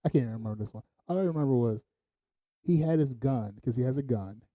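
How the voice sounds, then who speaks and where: A podcast host tells laid-back stories in a casual way, laughing often and swearing freely. His voice is medium-pitched, brisk and dark in tone, on a dry recording with poor audio.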